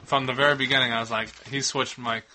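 A man's voice: mid-range voice, flat delivery, quick pace, crowd noise, low-quality recording. A man, an occasional co-host, teasing the host in casual banter.

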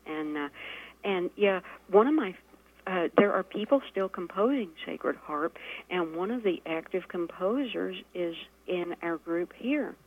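A woman's voice: fairly low pitch, animated, measured pace. A woman, a radio guest explaining things hesitantly with many fillers. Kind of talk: phone-in radio interview. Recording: tinny phone line.

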